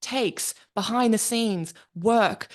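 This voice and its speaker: A woman who works as a speaking coach, chatting as a podcast guest in an enthusiastic, expressive way and swearing freely. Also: fairly high pitch, slow pace. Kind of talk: casual interview chat.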